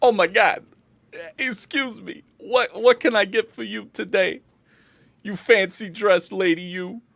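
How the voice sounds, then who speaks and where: A woman voicing an excitable male tavern bartender who gushes with astonishment. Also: measured pace, creaky, no echo. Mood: gushing. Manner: gushing, astonished, high-pitched.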